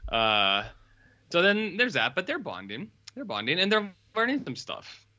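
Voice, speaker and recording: A man's voice: high voice, huge pitch swings, unhurried, bright, forceful tone, dull audio. A man co-hosting a podcast, rambling casually as he retells a film and drops into character voices. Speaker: podcast co-host. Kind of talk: casual chat, recapping a film.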